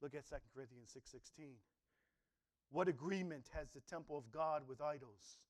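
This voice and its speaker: A male pastor preaching a sermon, animated, swinging between loud exclamations and hushed asides. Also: on the high side, normal speed.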